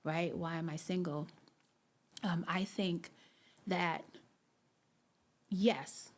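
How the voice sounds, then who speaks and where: Woman podcast host, deep and a little raspy, chatty reflective monologue with lots of "you know.". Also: fairly even intonation, extremely slow. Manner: conversational, many fillers and asides to listeners.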